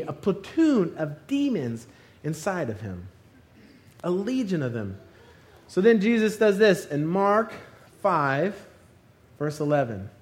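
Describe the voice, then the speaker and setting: A man preaching a sermon, retelling a story with lively humor and putting on funny voices for the characters. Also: high voice.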